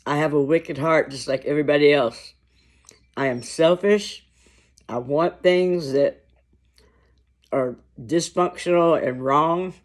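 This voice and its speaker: A man vlogging to camera over lunch, talking in a slow, reflective, halting way with long pauses. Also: on the high side. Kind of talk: casual talk to camera while eating lunch.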